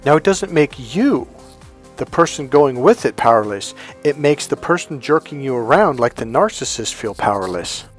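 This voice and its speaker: Man, mid-range voice, casual coaching talk, animated anecdotes, soft music bed. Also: medium pitch, moderate pace. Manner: animated storytelling, acting out quoted dialogue. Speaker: life coach. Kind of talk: casual monologue to camera.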